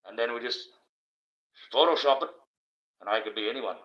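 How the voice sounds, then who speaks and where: A man's voice: mid-range voice, moderate pace, a bit bright. A man, hosting a livestream from indoors and preaching in a rambling, blunt and profane monologue. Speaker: livestream host. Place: indoors, wearing a mask. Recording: dull, lo-fi livestream audio.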